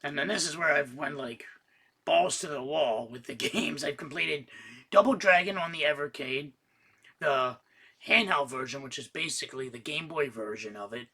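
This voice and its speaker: Gamer guy rambling about his games, bright tense voice, kinda husky, swears a lot. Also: fairly high pitch, moderate pace. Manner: casual, profane, excitable rants. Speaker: gaming YouTuber. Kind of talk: casual game roundup.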